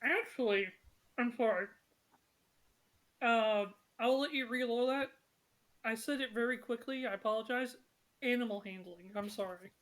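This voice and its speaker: Chatty woman game master, high voice. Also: normal speed, pauses often. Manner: chatty, apologetic, many fillers. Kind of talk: narrating a tabletop game session.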